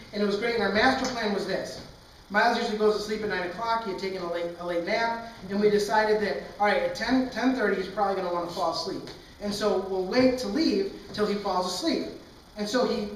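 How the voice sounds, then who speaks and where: Young guy pastor, highish voice, preaching from far off in a big echoey church. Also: a little hiss or hum. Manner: candid storytelling, earnest and impassioned. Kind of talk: sermon. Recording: echoey hall, far from mic.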